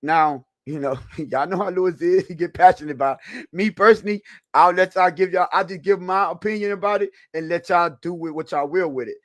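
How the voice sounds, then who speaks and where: A man's voice: sits high, a little fast, no room sound. A man co-hosting a live-streamed football talk show, chatting loosely with viewers and laughing often. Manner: loose, rambling, with restarts. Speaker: podcast co-host on a live stream. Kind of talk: casual live-stream chat.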